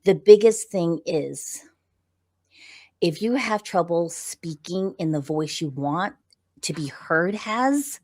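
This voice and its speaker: Woman, middle-aged, low pitch, animated explainer, conversational podcast guest. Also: slow. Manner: animated and explanatory, frequent "right?" check-ins. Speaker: podcast guest, visibility coach. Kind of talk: conversational interview.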